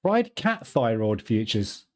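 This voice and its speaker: A man's voice: lowish voice, sing-song, takes it slowly. Chatty man hosting a trading stream. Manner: chatty, greets viewers by name, laughs easily. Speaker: live trading stream host. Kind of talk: casual live-stream chat. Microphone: studio microphone.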